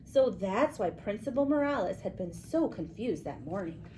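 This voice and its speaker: A woman reading a children's book aloud with animated storytelling. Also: medium pitch, normal speed, a little hiss or hum, poor audio. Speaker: reader.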